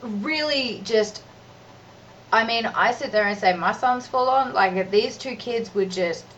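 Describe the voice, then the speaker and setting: A high-pitched woman rants in a vlog, emphatic and exasperated, often breaking off and restarting. She sounds set back from the microphone. The recording is dull and lo-fi with faint noise behind her. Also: unhurried, fairly bright tone, far from the mic. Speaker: mother and vlogger. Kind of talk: ranting vlog monologue.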